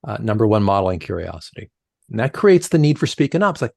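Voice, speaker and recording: A man's voice: lowish voice, quick pace, creaky, no room sound. A middle-aged man, a leadership coach guesting on a podcast, talks it through and acts out the voices of the people in his stories. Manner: animated storyteller, acts out quoted voices. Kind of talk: conversational podcast interview.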